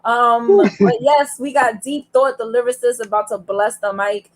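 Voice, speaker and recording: A woman's voice: a little high, moderate pace, a little hiss or hum. A woman from New York hosting a virtual open mic, talking in a chatty, upbeat way with a few fillers over a video call. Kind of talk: casual hosting chat.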